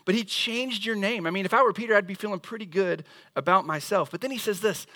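A male pastor preaching a sermon in a lively, conversational, storytelling way. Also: sits high, fast, no room sound, studio quality.

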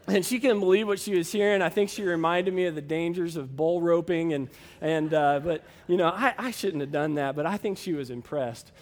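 A man's voice: on the high side, a little fast, in a large hall. A man pastor preaching a sermon and telling a personal story in a folksy way, with many fillers.

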